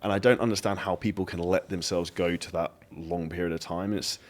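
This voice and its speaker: Fast-talking blunt man, very low voice. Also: steady tone. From Dubai. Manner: blunt, outspoken, swears freely. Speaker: podcast host. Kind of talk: casual interview chat.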